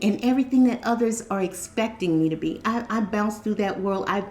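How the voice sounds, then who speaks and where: A woman's voice: medium pitch, reverberant. A woman in her fifties giving a casual, emphatic spiritual pep talk to her viewers, repeating her points. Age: 50s. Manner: repetitive, emphatic, exhorting. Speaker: spiritual channel host.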